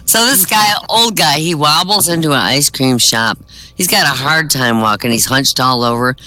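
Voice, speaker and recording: A man works through a comedy set of old jokes with a bright, forward voice. He jumps his pitch up for the characters' quoted lines. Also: normal speed. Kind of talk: telling jokes to an online audience.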